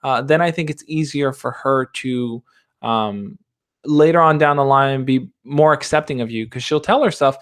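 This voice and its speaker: A young man hosting a livestream, reading out viewer questions and answering them in a relaxed, reassuring way. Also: medium pitch, moderate pace, smooth. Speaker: dating advice host. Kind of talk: casual livestream chat.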